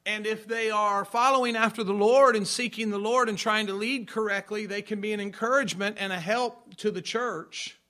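A man's voice: high-pitched, fairly even intonation, normal speed, few pauses, sharp tone. A man preaching a sermon as pastor, emphatic, repeating his points and checking that listeners follow.

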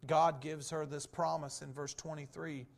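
A man preaching a sermon, posing rhetorical questions and answering them, swinging from fervent emphasis to soft, low reflection. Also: level tone, normal speed, creaky. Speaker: pastor.

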